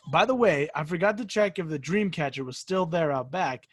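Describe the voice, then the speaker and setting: A man's voice: a little fast, few pauses, dry recording, studio quality. A man co-hosting a podcast, casually reading creepy stories aloud and joking with friends. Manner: jokey, bursts into shrill shouted ghost voices. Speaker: podcast co-host.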